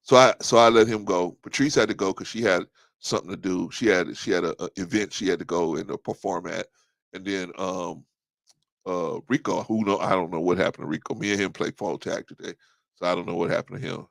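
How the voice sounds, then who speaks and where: A man hosting a talk stream in a casual monologue, animated, laughing often and repeating himself. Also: sits low, a little fast, gravelly, dry recording.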